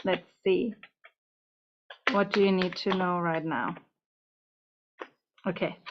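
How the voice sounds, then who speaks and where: Taking it slowly in a lowish, steady voice, a woman gives a chatty, meandering tarot reading to camera in a room at home. She's slightly out of breath and speaks to her cat between points. The dull, lo-fi recording has a noisy background.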